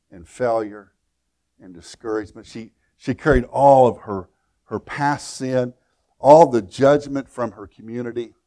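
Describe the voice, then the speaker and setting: A male pastor preaches to his church in a storytelling sermon. He stumbles and repeats words as he goes. His voice climbs high and loud at exciting moments, then sinks low and quiet for the solemn ones. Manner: storytelling with frequent repetitions and restarts, swinging from loud to hushed.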